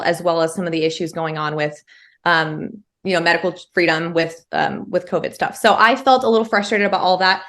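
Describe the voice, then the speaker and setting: A woman's voice: medium pitch, fairly bright tone. A woman in her thirties from California, a mother of three, telling her story in casual conversation with many fillers. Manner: chatty, frequent fillers like "um" and "like". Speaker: interview guest, homeschooling mother of three.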